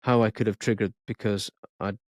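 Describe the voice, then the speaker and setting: A man co-hosting a podcast, reading a listener's confession aloud in a plain, steady way with small stumbles. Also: fairly low pitch, fairly quick, dry recording, clean studio sound.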